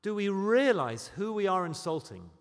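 Emphatic preacher in a reverberant hall. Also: male voice, sits high, sing-song, moderate pace. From Britain. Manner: emphatic, swings from loud declarations to quiet storytelling. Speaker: pastor. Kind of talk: sermon.

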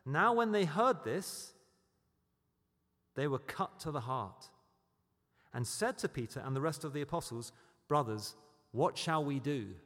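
A man preaching a sermon, moving between loud, emphatic declarations and quiet, storytelling asides. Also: on the high side, lively intonation, measured pace, long pauses. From Britain. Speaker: pastor. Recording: long hall reverb.

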